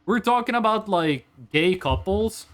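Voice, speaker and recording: A man from Norway, chatting to viewers during a live game stream in an animated, joking, rambling way. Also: sits high, moderate pace.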